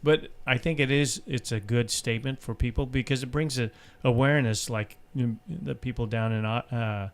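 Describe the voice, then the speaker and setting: A man's voice: medium pitch, moderate pace, few pauses. A man with a mid-height voice co-hosting a live podcast from a bar. He speaks plainly and wanders a little as he thinks aloud, asking the table questions. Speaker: podcast co-host. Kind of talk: casual chat.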